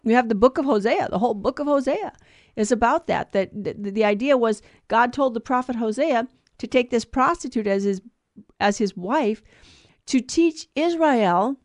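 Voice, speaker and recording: Woman podcast co-host, higher voice, chatty and self-correcting teaching style, dry close mic. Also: lively intonation, moderate pace, no echo. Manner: explanatory, digressive, self-correcting. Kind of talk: casual catechetical chat.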